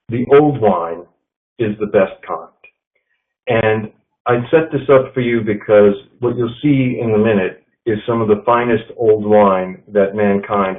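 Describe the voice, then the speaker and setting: A man giving a leadership presentation to an audience, measured and telling stories. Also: on the low side. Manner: measured, storytelling with quotes. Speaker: leadership speaker. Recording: tinny phone-like sound.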